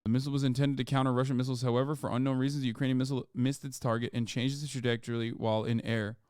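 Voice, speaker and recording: A man's voice: medium pitch, little pitch movement, racing, a little mellow, smooth, dry recording, clean studio sound. A man streaming live, reading news aloud and reacting with profane, exasperated rants.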